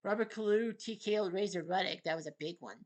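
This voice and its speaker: A man's voice: high voice, fast talker, a little mellow. A man casually recapping a boxing tournament's results as host, with offhand asides between bouts.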